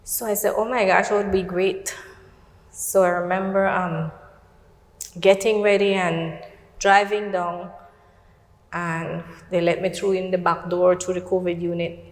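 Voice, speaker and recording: A woman's voice: on the low side, flat delivery, unhurried, long pauses, roomy sound, long reverb tail. A middle-aged woman with a Belizean accent telling a personal faith testimony on a talk show, recounting events through quoted dialogue. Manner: earnest, storytelling with quoted dialogue. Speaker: guest.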